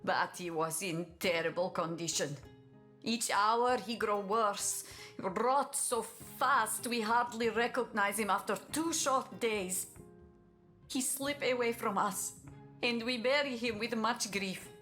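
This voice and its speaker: A fiercely loyal, grieving mother from a video game speaks slow, broken English with a thick Italian accent. Her voice sits a little high, and she stops now and then to hunt for words. Soft game music plays behind her. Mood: sorrowful. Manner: broken English, halting "how you say" asides. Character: middle-aged mother, a grieving, fiercely loyal source hunter.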